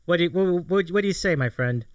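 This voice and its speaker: A man's voice: sits high, lively intonation, fast talker, dry recording. A man hosting a casual interview chat, upbeat and self-mocking, laughing often. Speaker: talk show host.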